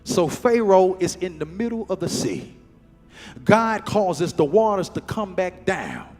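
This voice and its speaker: A man preaching a sermon as pastor, repeating phrases and calling on the congregation to answer, building up to shouts. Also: high-pitched, big pitch swings, a little slow. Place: church sanctuary. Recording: church hall reverb with faint music.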